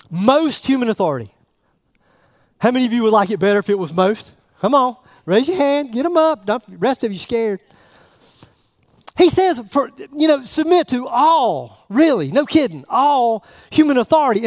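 A man with a strikingly high voice preaches to his congregation, chatty and teasing, asking them questions as he goes. The sound is close and dry, with little room around it. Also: no echo. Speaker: pastor. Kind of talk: sermon. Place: church.

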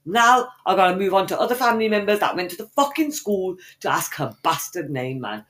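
A woman's voice: mid-range voice, lively intonation, brisk, fairly bright tone. Sweary woman trading insults. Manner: sweary, feisty, mock-aggressive teasing. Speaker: podcast co-host. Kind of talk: casual banter.

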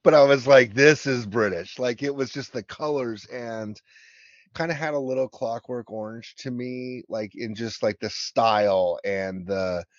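An American man chats about a film in a loose, rambling way, full of fillers and restarts. His voice has a middle pitch. The recording is dull and dry, with no room around it. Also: measured pace, dry recording. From United States. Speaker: podcast co-host. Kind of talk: casual film discussion.

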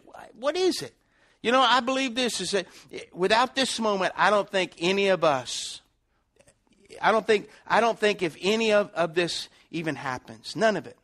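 Man, pastor, sermon, high voice, conversational, animated retelling. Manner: conversational preaching, acts out quotes, many restarts.

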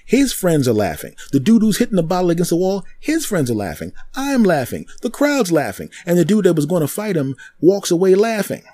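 A man hosting a comedy podcast, telling a story in an animated, repetitive way with mouth sound effects. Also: sits high, a little fast, hardly any pauses, no room sound. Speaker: podcast host.

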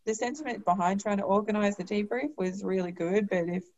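A woman's voice: mid-range voice, brisk, darkish tone, lo-fi sound. A woman midwife speaking frankly and a little hesitantly about a hard week at work. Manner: frank, hesitant, many fillers. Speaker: midwife and podcast guest. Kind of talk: casual chat.

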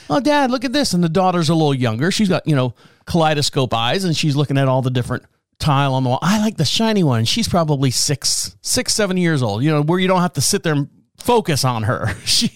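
A man's voice: fairly high pitch, smooth, no room sound, clean studio sound. A man hosting a podcast, telling a comic story in a rambling, wry way with chuckling asides. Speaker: podcast host. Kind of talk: casual comic storytelling monologue.

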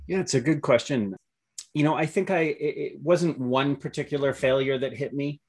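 A middle-aged man with a slightly low voice tells stories from his working life in an interview. He sounds upbeat and optimistic, often restarting his sentences as he goes. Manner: upbeat, optimistic storyteller with self-corrections. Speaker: entrepreneur guest. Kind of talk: storytelling interview answers.

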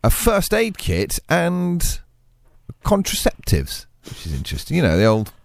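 Male breakfast co-host, cheeky, hugely animated pitch, dry studio sound. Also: unhurried, dry recording. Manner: cheeky, innuendo-laden, laughs a lot. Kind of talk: casual radio banter. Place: radio studio.

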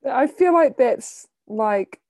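A woman's voice: on the high side, animated, slow, a little mellow, no echo, clean studio sound. A woman comedian chatting casually, telling a rambling story about a show she hosted. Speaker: comedian and bingo host. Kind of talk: casual chat.

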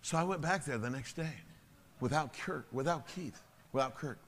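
A man's voice: on the high side, normal speed, fairly bright tone, big-room sound. A man preaching at a church service, telling blunt, emphatic stories with a chuckle. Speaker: pastor. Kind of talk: sermon storytelling.

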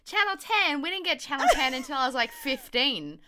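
Woman co-host, excitable and crude, high bright voice, faint background noise. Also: a little fast. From Tasmania, Australia. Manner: excitable, swearing, laughs often. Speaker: podcast co-host. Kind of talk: casual podcast banter.

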